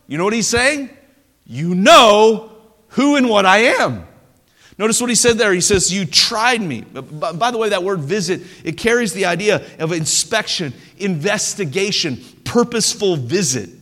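A pastor preaching with a high voice that swings widely in pitch and a bright, forceful edge. He talks in an animated, conversational way, stumbling into quick restarts. His voice rings out with the long reverb of a large church hall. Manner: animated preaching with stammered restarts and playful impressions. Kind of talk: sermon.

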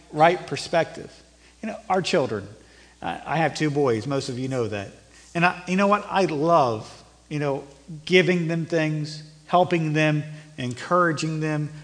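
High-voiced preacher in an echoing hall. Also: male voice. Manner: rising to emphatic peaks, then dropping low and conversational. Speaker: pastor. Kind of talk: sermon. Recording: long reverb of a church hall.

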